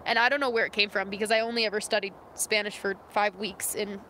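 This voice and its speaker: A woman's voice: mid-range voice, fairly even intonation, fast, sharp tone, slight background noise. A young woman from California chatting casually on a livestream from inside her van, playful and talkative. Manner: chatty and playful, tries out mock accents. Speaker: vlogger and snowboarder. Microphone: phone camera.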